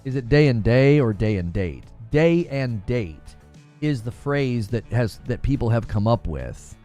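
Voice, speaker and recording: A man's voice: medium pitch, expressive, unhurried, warm tone, soft background music. A man hosting a live gaming-news stream, talking emphatically, often stumbling and repeating himself, and reading chat questions aloud. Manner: emphatic, repetitive, stumbles over words.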